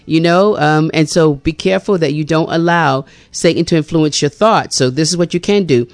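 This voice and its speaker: A radio morning show host, chatting in a lively, casual way with many fillers and leading a devotional segment from a studio. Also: mid-range voice, moderate pace.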